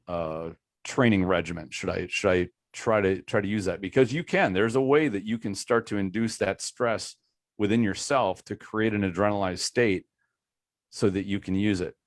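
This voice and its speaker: A man on a coaching panel giving advice in a measured way, stressing that it is only his opinion. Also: lowish voice, no echo, studio quality.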